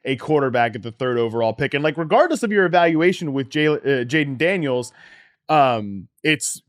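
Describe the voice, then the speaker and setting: A man's voice: brisk, no echo, clean studio sound. A man co-hosting a fantasy football podcast, talking in a casual analytical way as he moves the conversation from team to team. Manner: energetic, runs the segments and pitches the questions. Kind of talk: casual sports analysis chat.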